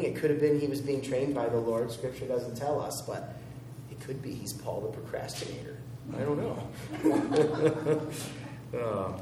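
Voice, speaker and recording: A man's voice: medium pitch, dark tone, slight background noise. Pastor, male, conversational sermon delivery with light humor; room echo, distant mic. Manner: conversational, chuckles at his own jokes.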